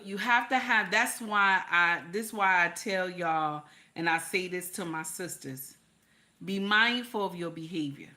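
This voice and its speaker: A woman's voice: lowish voice, pushed and bright. A middle-aged woman hosting a reaction video, talking emphatically and directly to her viewers in a preachy, casual way.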